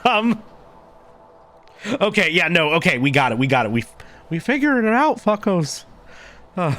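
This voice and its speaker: A male streamer chats his way through a game session in a high, bright voice that swings up and down. He rambles and jokes, trips over his own restarts, and swears now and then. Faint music sits underneath him. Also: expressive, takes it slowly, pauses often. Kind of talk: casual live-stream chat while playing and voicing a game.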